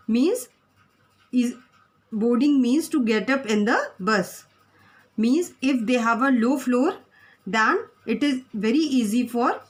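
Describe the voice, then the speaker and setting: A woman teaches a class of young children. She talks slowly and deliberately, in a slightly high voice. She spells key words out letter by letter.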